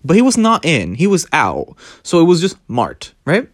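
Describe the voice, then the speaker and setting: A young man telling a story in a casual vlog, animated and dramatic, with plenty of swearing. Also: fairly high pitch, moderate pace, no room sound, studio quality. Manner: animated, dramatic, profane, gossipy. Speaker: vlogger.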